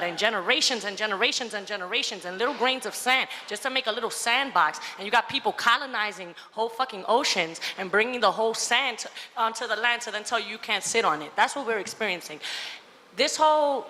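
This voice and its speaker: A woman's voice: mid-range voice, expressive, a little fast, pushed and bright, a little hiss or hum. A woman giving fiery, emotional testimony at a public hearing. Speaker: public commenter. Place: large public hearing hall. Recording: long hall reverb.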